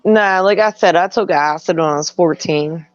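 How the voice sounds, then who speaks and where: A middle-aged woman with a fairly low voice tells an animated, profane story in casual chat, laughing as she goes. The recording is dry and close, with a slightly dull, lo-fi sound. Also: moderate pace, no room sound.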